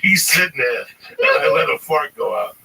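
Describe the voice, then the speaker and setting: A man in his fifties from New Jersey, telling profane stories in an animated, emphatic way. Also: on the high side, normal speed, creaky, distant mic, slight background noise, low-quality recording. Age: 50s. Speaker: comedian guest. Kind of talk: casual storytelling.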